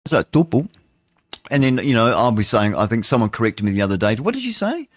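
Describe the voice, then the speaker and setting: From a radio studio, this English radio host runs a morning talk show, delivering the news with rambling, jokey, chatty opinions and the odd stumble over his words. He has a fairly low voice and talks a little fast, and the recording is dry and clean.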